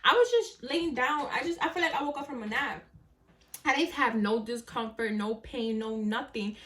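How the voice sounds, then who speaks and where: A woman's voice: fairly high pitch, expressive, moderate pace, fairly bright tone, distant mic. A young woman vlogger casually telling a personal story to camera, with lots of "like" and some swearing. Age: young adult. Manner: chatty, lots of "like" and swearing, talks to viewers as friends.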